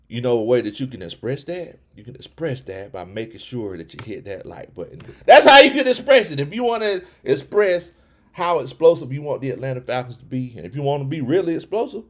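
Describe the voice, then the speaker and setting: A man hosting a lively sports livestream, reading chat comments, laughing often and stumbling over his words as he talks. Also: medium pitch. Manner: animated, laughs often, frequent restarts and stammers. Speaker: sports vlog host reading live chat. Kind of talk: excited casual livestream chat.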